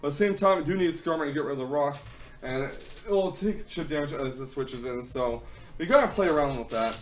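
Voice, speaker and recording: A young man hosting a gaming channel, chatting through a game battle with frequent ums and quick self-corrections. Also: on the high side. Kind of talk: casual battle commentary.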